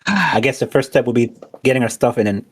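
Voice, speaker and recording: A man playing in a tabletop game, talking in a halting, unsure way. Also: medium pitch, lively intonation, husky. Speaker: player. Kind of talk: tabletop role-play chat.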